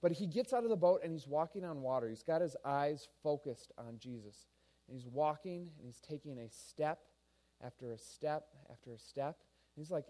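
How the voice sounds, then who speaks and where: A male pastor giving a sermon in a casual, animated storytelling manner. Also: fairly high pitch, a little fast.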